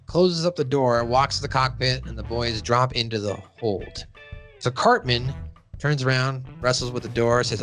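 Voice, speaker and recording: A man hosting a loose, jokey podcast, talking at an ordinary mid pitch. He rattles off sponsor plugs and episode recaps in a casual, offhand way, with faint music sitting under his voice. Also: normal speed, fairly bright tone. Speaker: podcast host.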